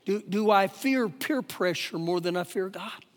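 A man preaching a live sermon as pastor, emphatic, repeating phrases and swinging between loud and hushed. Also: high-pitched, measured pace. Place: church sanctuary during a service. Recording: long hall reverb, faint guitar.

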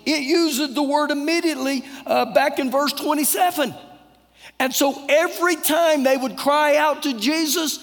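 A man's voice: very high-pitched, normal speed, a bit bright. A man with a Texan accent, a pastor preaching an earnest, conversational sermon with repeated phrases. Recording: long church-hall reverb.

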